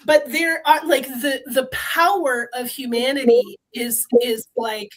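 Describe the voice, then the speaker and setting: A woman's voice: sits high, steady tone, unhurried, rough recording. A woman guest with a strong, trained voice, speaking fervently and bluntly in a conversation and swearing freely. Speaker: podcast guest. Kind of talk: impassioned conversational rant.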